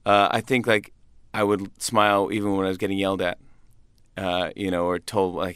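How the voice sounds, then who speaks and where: A man's voice: low voice, level tone, normal speed, a bit bright, clear, resonant tone, dry recording, studio quality. A comedian in his thirties chatting in an interview, upbeat and rambling with many restarts and laughs. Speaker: comedian guest. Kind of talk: casual interview chat.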